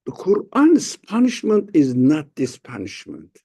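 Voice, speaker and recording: Slow, gravelly male Quran teacher. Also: on the high side, wildly swooping pitch, mellow. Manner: slow, halting explanation with rhetorical questions. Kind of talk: informal Quran study lesson.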